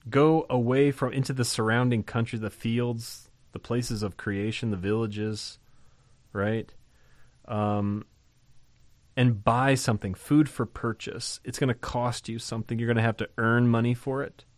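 A man's voice: medium pitch, fairly even intonation, a little slow, dry recording. A man teaching a Bible study on a podcast, conversational with musing asides and sudden emphasis on key words. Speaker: pastor.

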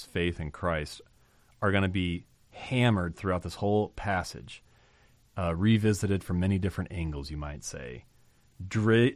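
This podcast host, low-pitched with a darkish tone, works through a Bible passage by reading verses and breaking them down word by word and phrase by phrase. He repeats key terms for emphasis, and there's no room sound.

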